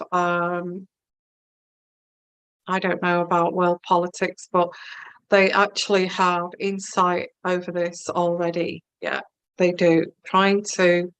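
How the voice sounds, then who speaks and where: A woman's voice: fairly low pitch, fairly bright tone, clear, resonant tone, dry recording, rough recording. A woman giving a live-streamed tarot reading, musing and hesitant, with many fillers and restarts. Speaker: tarot reader.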